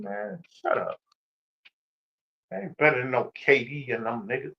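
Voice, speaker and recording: Animated, trash-talking man on lo-fi audio. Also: fairly high pitch, measured pace, gravelly, long pauses, slightly rough. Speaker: sports streamer. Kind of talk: casual sports rant. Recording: dull lo-fi stream audio.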